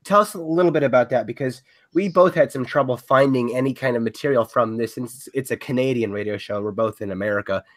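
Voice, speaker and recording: A man hosting a podcast, asking a guest questions in a relaxed, casual way. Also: medium pitch, fast talker, few pauses. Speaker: podcast host. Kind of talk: casual interview.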